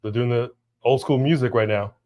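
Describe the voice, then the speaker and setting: A man co-hosting a live wrestling watch-along stream, chatting casually, slangy and animated as he reads out viewer messages. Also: medium pitch, normal speed.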